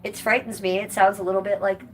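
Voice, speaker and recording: A woman with a medium-pitched voice hosts a livestream, reading comments and chatting bluntly with viewers while swearing freely. She speaks fast and flatly, and the rough recording carries crowd noise behind her.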